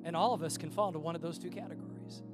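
A man with a high voice preaches a sermon to his church. He drops to quiet, low asides, then builds into loud, impassioned pleading. Clear music plays behind him the whole time. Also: racing. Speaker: pastor.

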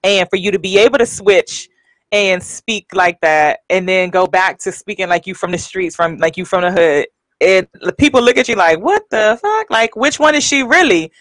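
Brief: easygoing host, mid-pitched voice, dry close sound. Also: moderate pace, fairly bright tone, no echo, low-quality recording. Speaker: radio show host. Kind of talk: live show hosting.

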